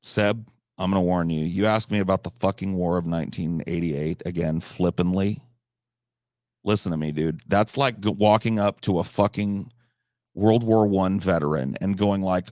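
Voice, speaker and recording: Gravelly, low-voiced male streamer. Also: steady tone, normal speed, darkish tone, no echo, clean studio sound. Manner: mock-serious, profane, theatrical, talks to chat. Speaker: live streamer. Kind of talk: casual live-stream chat while gaming.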